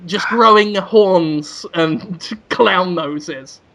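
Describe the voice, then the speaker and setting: A man co-hosting a podcast, talking in an animated, sweary and jokey way. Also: high-pitched, very slow. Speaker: podcast co-host. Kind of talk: casual chat.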